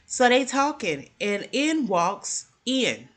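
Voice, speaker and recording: A young adult woman casually recapping TV episodes, animated and talking straight to her viewers, with her voice jumping high whenever she reacts. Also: slow pace. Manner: jumps high in pitch when reacting. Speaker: TV show reviewer.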